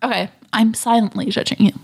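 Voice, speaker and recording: A young woman co-hosting a casual cartoon review, quick and teasing, laughing often. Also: on the high side, steady tone, background noise. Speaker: co-host reviewing a cartoon episode. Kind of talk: casual chat.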